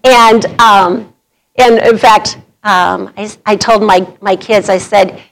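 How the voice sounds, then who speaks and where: A woman's voice: mid-range voice, fairly even intonation, slow, gravelly, fairly bright tone, low-quality recording. A middle-aged woman, speaking to a women's group in a sermon and telling a personal story conversationally, laughing through the anecdotes.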